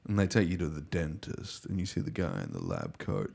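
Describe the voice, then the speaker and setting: Gravelly man, lively and profane. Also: low voice, a little fast. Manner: blunt, profane, joking. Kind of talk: casual podcast chat.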